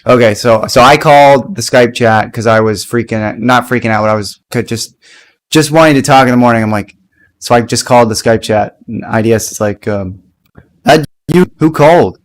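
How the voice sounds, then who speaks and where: A man's voice: mid-range voice, fairly even intonation, a little fast. A young man chatting casually on a stream, rambling with many restarts and laughing often. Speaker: streamer co-host. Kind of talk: casual chat.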